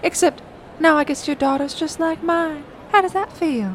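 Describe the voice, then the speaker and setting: A woman playing a gloating older Southern mother who hides her digs behind drawn-out fake sweetness. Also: high-pitched, a little hiss or hum, lightly acted. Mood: sugary gloating. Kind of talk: comedic audio drama acting.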